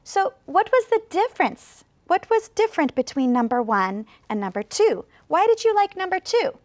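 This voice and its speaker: A woman teaching English pronunciation in a video lesson, speaking slowly and clearly with deliberate pauses to demonstrate. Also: very high voice, big pitch swings, dry recording.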